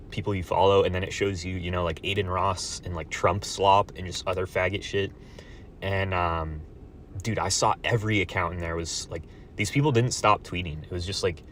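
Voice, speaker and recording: Man ranting, loud bursts and mutters. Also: slight background noise. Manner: swings between loud outbursts and low muttered asides. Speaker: vlogger. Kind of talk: profane solo rant to camera.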